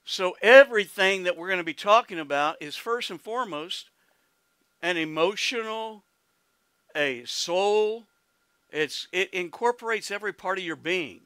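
Folksy Oklahoman preacher, bright voice. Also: high voice, animated, measured pace, clean tone, no room sound. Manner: folksy, exclamatory, peppered with hallelujahs and amens; laughs easily, calls out to congregation. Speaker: pastor. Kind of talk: sermon.

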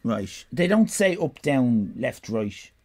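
An Irish woman co-hosting a live stream in casual, sweary chat that rambles and bursts into loud laughter. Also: rumbling low, sing-song, slow, husky. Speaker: stream co-host.

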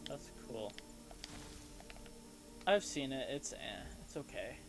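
A man playing through a video game and chatting casually, with excitable outbursts. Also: mid-range voice, slow, soft background music. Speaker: gamer playing. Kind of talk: casual let's-play chat.

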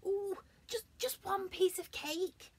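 A woman's voice: sing-song, takes it slowly, full character voice. Alan, a woman doing a desperate little bear. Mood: pleading. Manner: high squeaky pleading voice. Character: desperate little boy bear, fidgety and pleading.

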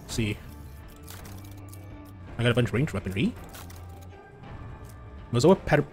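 A man's voice: mid-range voice, very animated, a little slow, darkish tone, faint music behind. A man playing a video game, chatting casually and reading dialogue aloud with fillers. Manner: chatty, reads text with fillers. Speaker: gaming channel host.

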